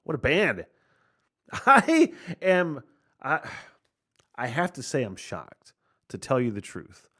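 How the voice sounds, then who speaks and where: A man hosting a podcast, reacting casually to a punk album, excitable and swearing often. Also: medium pitch, takes it slowly, pauses often. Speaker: podcast host reviewing an album.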